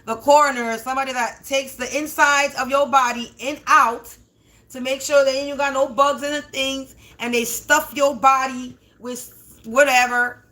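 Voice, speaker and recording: A woman's voice: high voice, fairly even intonation, moderate pace, bright, forceful tone. A woman hosting a livestreamed spiritual reading, swearing heavily and rambling indignantly with restarts and stutters. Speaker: spiritual reader, livestream host. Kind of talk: livestreamed tarot-style reading, profane rant.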